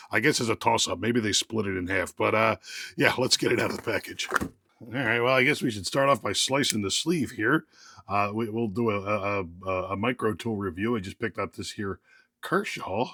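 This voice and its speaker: A tool reviewer with a lowish, gravelly voice that's still bright and forceful unboxes gear casually, recorded studio-clean with no echo. He rambles and jokes, often restarting and using fillers.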